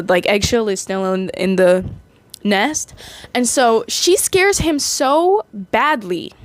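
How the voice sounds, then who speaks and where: A woman's voice: mid-range voice, no echo. A young woman casually recapping a movie, chatty and rambling, with frequent restarts and playful asides.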